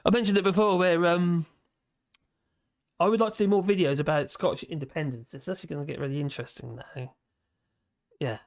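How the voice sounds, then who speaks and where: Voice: medium pitch, fairly even intonation, brisk, long pauses, no echo, studio quality. A livestream host, chatting casually and reading viewer comments in a rambling way, with many restarts and fillers. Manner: laughs often between remarks.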